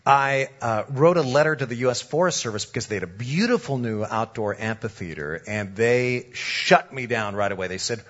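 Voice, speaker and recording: A male pastor telling a lively, comic story during a sermon. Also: mid-range voice, normal speed, hardly any pauses, highs cut off.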